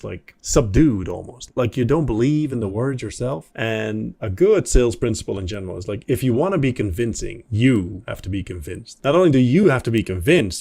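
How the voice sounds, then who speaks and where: A man's voice: on the low side, darkish tone. A man coaching a student on a sales call, talking in a direct, encouraging way and repeating his key points. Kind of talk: casual coaching feedback.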